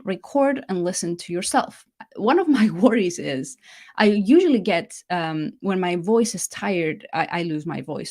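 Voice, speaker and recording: A middle-aged woman hosting a live online masterclass, talking casually and correcting herself as she goes, with lively emphasis. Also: on the low side.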